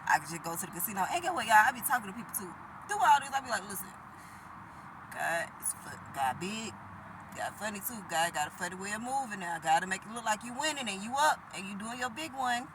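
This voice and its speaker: A woman's voice: medium pitch, lively intonation, fast talker, background noise. A woman, talking bluntly and profanely to the camera in a preachy, emphatic way. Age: 30s.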